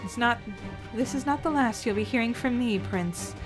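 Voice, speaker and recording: A woman voicing a defeated, non-human cherub villain who mutters low, hushed threats. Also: moderate pace, over music, lightly acted. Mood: menacing.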